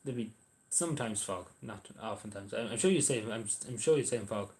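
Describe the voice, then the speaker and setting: Irish guy on a stream, fairly low voice, lots of ums, just rambling to chat. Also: fairly quick, a little mellow. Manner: rambling and hesitant, many ums and restarts. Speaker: livestreamer. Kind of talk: casual livestream chat answering viewer messages.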